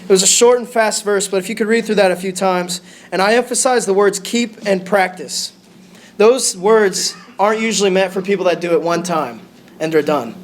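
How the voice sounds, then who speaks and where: A young man giving a short lesson in a church sanctuary, speaking in a nervous, halting way and restarting his sentences often. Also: sits high. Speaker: lay preacher.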